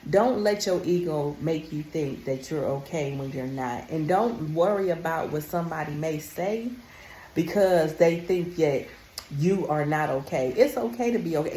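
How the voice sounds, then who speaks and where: A woman's voice: low voice, expressive, moderate pace, mellow, echoey room, a little hiss or hum. A woman vlogger talking casually and emphatically to her viewers, calling them honey. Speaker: wellness vlogger. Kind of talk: casual talk to camera.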